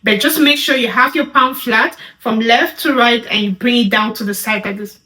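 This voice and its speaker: A woman teaching sign language, naming each sign and repeating it slowly as she demonstrates. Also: a little high, sharp tone, reverberant.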